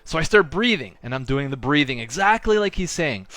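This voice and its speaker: Man telling an animated personal story. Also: a little high, fairly quick, hardly any pauses, no echo. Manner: animated storyteller acting out dialogue; frequent fillers like "like" and "right?". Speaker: spiritual coach and channel host. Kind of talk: casual storytelling monologue.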